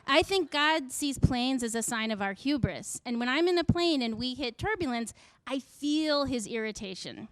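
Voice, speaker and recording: Wry high-voiced woman telling a story. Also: animated, normal speed, dry recording. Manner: wry, self-mocking, acts out voices. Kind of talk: comic personal storytelling.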